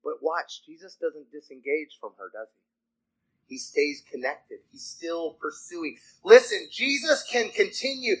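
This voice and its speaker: A man preaching a sermon, chatty and animated, asking his listeners questions and moving between loud dramatic reading and soft asides. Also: a little high, measured pace, low-quality recording. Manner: animated, conversational, asks the congregation questions.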